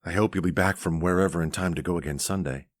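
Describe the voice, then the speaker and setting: A man voicing a guarded young woman who speaks softly and hesitantly. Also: deep voice, fast talker, no echo. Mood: tender.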